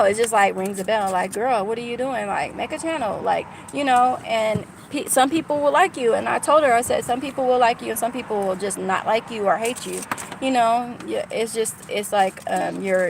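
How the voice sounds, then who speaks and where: A woman's voice: mid-range voice, lively intonation, moderate pace, gravelly, noisy background. A woman from California chatting casually with her livestream viewers, candid and rambling, full of fillers and restarts. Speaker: YouTuber talking to live chat.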